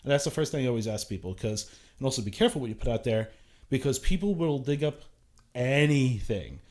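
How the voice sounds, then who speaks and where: A young man talking casually as a talk show guest, chatty and loose, full of "like" fillers and quick restarts. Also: medium pitch, animated, a little mellow. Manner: chatty, many "like" fillers and restarts, laughs easily.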